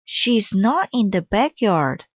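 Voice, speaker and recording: Teasing little girl for a storybook read-aloud, read by a woman; slow and slightly dull. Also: mid-range voice, big pitch swings, dry recording, voice pushed up. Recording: slightly dull dry recording.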